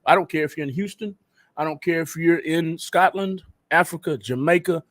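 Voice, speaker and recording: A man's voice: fairly high pitch, moderate pace, fairly bright tone. A man hosting a live radio talk show, chatting casually with loose, joking slang.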